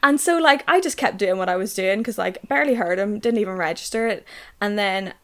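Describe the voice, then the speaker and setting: A woman's voice: expressive, fairly quick, a bit bright. A young woman, co-hosting a casual chat and telling stories full of "like" and swearing. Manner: chatty storyteller, lots of "like", sweary, bursts into high laughter. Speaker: podcast co-host.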